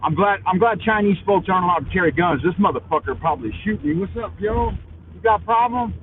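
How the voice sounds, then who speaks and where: A man hosting a live stream from his minivan, loud and crude, cursing at other drivers while hopped up on coffee. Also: high-pitched, lively intonation, quick pace. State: highly caffeinated. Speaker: vlogger, live-stream host. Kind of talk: profane driving rant on a live stream. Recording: tinny, phone-like with faint vehicle noise.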